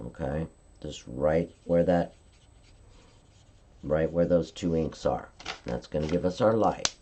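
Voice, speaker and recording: A woman's voice: rumbling low, slow, noisy background. A woman giving a live-stream card-making tutorial, explaining each coloring step in a chatty way and often checking in with "okay?".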